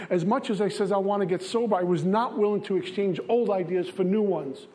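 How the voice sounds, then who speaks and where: A man's voice: sits high, fairly quick, dark tone. A man from Brooklyn, giving an earnest, confessional recovery testimony in a repetitive style. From Brooklyn, New York. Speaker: recovery speaker.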